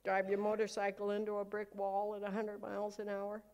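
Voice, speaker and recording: A woman pastor giving a live sermon, telling stories with humor and acting out prayers loudly. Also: medium pitch, monotone, fairly quick.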